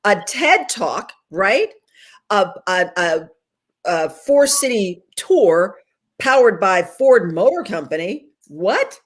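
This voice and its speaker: A woman's voice: medium pitch, sing-song, takes it slowly, breathy edge. A woman guest speaking over a video call, giving a fervent, preacher-like inspirational testimony and repeating phrases for emphasis.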